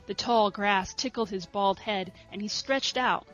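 Woman softly reading a story. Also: medium pitch, measured pace, highs cut off, faint music behind. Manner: soft, steady reading. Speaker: reader. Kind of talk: storybook narration.

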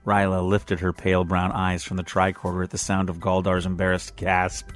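Derin sesli erkek anlatıcı. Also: male voice, low voice, monotone, moderate pace, hardly any pauses, faint music behind. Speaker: narrator. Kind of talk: reading fan fiction aloud.

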